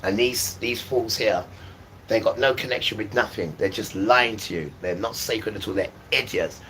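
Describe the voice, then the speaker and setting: A man in his fifties rants through a live stream. His lowish voice is bright and forceful, and he hammers the same phrases over and over. He preaches and hurls insults in the same breath. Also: normal speed, a little hiss or hum, low-quality recording. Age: 50s. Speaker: livestreamer. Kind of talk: live-stream religious rant.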